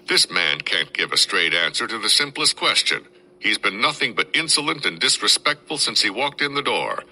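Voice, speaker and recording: Prickly accusing officer, raised pitch, indignant, read by a man. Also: sing-song, normal speed, slightly rough, heavily acted, poor audio. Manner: yelling, accusatory. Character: indignant male army officer, yelling accusations.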